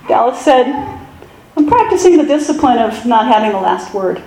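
A woman pastor giving a sermon in a conversational, self-deprecating way with animated asides. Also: high-pitched, normal speed, reverberant, slight background noise, rough recording.

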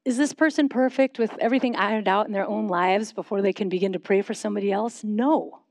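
A woman pastor giving a sermon, posing questions and leading a guided silent prayer in a measured, unhurried way. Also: mid-range voice, no room sound, studio quality. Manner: measured, slowing into soft reflective pauses.

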